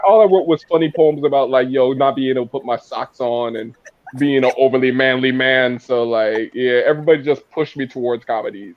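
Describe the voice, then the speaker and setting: A man's voice: mid-range voice, lo-fi sound, slight background noise. A man on a comedy panel, chatting casually and jokingly, often stammering and restarting. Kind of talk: casual chat. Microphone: video call.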